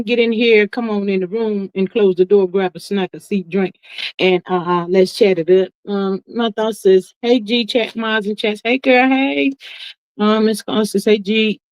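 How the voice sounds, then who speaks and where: A woman's voice: medium pitch, dry recording. A middle-aged woman hosting a live stream in a casual, folksy chat, reading viewer comments and calling everyone honey and child. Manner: chatty, emphatic, drawn-out asides. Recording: dry, slightly muffled lo-fi sound.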